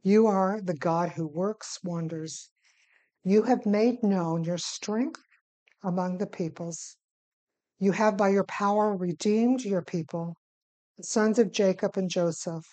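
A middle-aged woman teaching from the Bible to small groups, speaking unhurriedly with gentle pauses and reading scripture slowly and deliberately. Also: medium pitch, poor audio.

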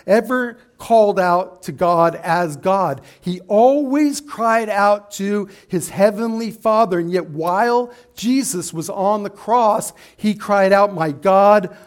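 A man preaching a sermon to a congregation, building to emphatic outbursts and slowing for weight. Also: high voice. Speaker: pastor. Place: church hall with a slide screen.

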